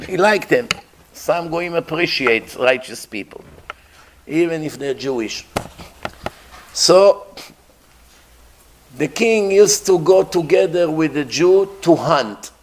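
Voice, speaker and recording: Slow-talking man preaching. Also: fairly high pitch, lively intonation, a little hiss or hum. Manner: slow, emphatic, repeats phrases. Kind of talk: sermon with storytelling.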